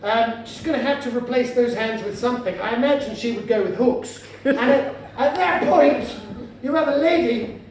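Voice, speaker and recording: A man's voice: very high-pitched, normal speed, few pauses. A male stand-up comedian with a formal, florid manner, addressing the audience as sir and madam, recorded live with heavy echo from a distance. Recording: echoey live room from afar, noisy.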